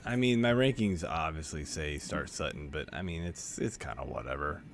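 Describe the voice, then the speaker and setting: A man co-hosts a sports podcast in a halting way, stopping and restarting often. His voice is very deep, and a faint background noise sits under it. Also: gravelly. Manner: hesitant, full of fillers. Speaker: podcast co-host. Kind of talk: casual sports chat.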